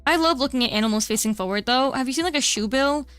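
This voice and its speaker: Bright chatty young woman streamer. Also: high-pitched, fast talker, clean tone, faint music behind. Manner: rambling, many fillers and self-interruptions. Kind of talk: casual chat while drawing.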